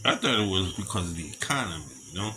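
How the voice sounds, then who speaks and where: A man telling a rambling personal story in a casual, animated way and acting out other people's lines, outdoors at night with crickets behind him. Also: deep voice, fast talker, background noise.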